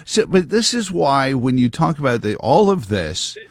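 A man's voice: mid-range voice, big pitch swings, normal speed, no room sound. A man co-hosting a casual sports talk show, cutting in with wry, skeptical questions. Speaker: co-host.

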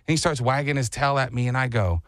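A man hosting a morning radio show, telling a story in a casual, animated way and jumping into high voices for quoted lines. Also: fast, no room sound, studio quality.

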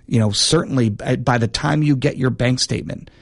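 A man with a mid-range, gravelly voice talks earnestly through advice in a casual, explanatory way. He often restarts and repeats words as he makes his point. The recording is dry, with no room sound. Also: mid-range voice, fairly quick, no echo.

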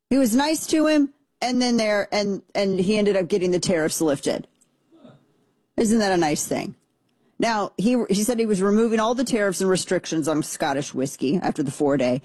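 A woman's voice: mid-range voice, expressive, a little slow, darkish tone, dry recording. A woman hosting casual political commentary, talking in an opinionated, conversational way with frequent restarts and asides.

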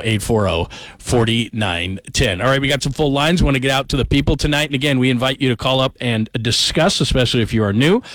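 A man hosting a sports talk radio show, upbeat and brisk as he invites callers. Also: medium pitch, a bit bright, no room sound. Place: radio studio. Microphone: studio microphone.

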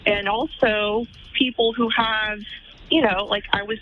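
A woman's voice: medium pitch, steady tone, unhurried, a little hiss or hum. A woman on the phone to a radio show, heard through a dull, muffled line. She speaks earnestly and at length, with a few ums along the way. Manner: earnest, explains at length with fillers. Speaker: caller. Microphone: telephone.

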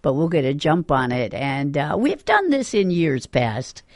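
A man's voice: a little high, huge pitch swings, unhurried, no room sound, clean studio sound. A male radio host chatting casually between songs and laughing along with callers' jokes. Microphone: studio mic.

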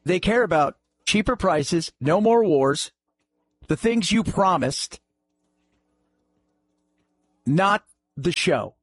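A man's voice: high-pitched, lively intonation, slow, long pauses, husky. A man hosting a talk radio show, delivering a sarcastic, mocking monologue.

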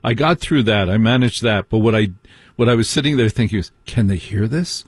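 Male late-night radio host, husky, dry close studio mic, chatty and joking with callers. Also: fairly low pitch, fast talker, no echo. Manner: chatty, joking, asides and laughs. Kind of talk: casual call-in radio chat.

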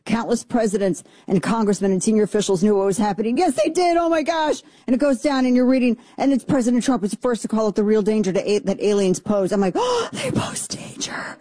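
A show host giving casual commentary in an animated, sarcastic way, full of playful asides. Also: medium pitch, fast, few pauses, no room sound.

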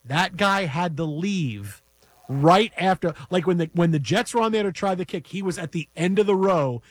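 Animated, high-voiced sports radio host. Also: male voice, normal speed, dry recording. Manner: animated, emphatic storyteller. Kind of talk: casual sports talk, storytelling. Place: radio studio.

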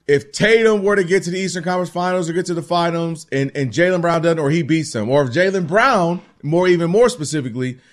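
A man talks sports with lively energy and acts out what players say when he quotes them. His voice sits high for a man. His delivery is loose and conversational. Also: fast talker, hardly any pauses. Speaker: sports talk co-host. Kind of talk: casual sports talk.

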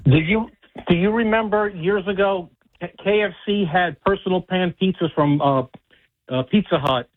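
A man calling in to a radio show, telling an animated story and acting out the quotes. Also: high voice, moderate pace. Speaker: caller. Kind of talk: phone-in storytelling. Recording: tinny phone line.

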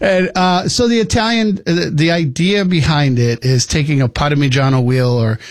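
A man's voice: on the high side, steady tone, normal speed, dry recording. A man co-hosting a casual chat, explaining a cooking technique at length in an easygoing way. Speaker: podcast co-host.

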